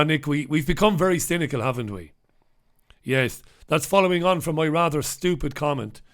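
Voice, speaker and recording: A middle-aged man, hosting a casual live-stream and chatting, joking and reading out viewers' names. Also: on the high side. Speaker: host.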